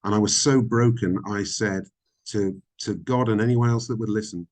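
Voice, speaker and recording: A middle-aged man speaking frankly as a podcast guest, reflective and halting, with many ums. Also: on the low side, steady tone, darkish tone. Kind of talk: candid interview conversation.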